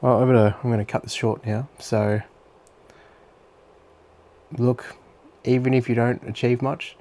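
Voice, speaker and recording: A man's voice: mid-range voice, mellow. A young Australian man talking through his day in a chatty, rambling diary-style monologue full of fillers. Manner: rambling and chatty, with many fillers and some swearing. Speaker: vlogger.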